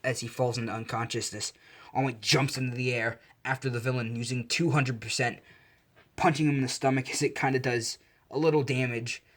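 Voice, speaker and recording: A man tells a fan-made story in a casual, off-the-cuff way. He stumbles and corrects himself as he goes. His pitch sits at an ordinary middle. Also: a bit bright. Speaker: narrator.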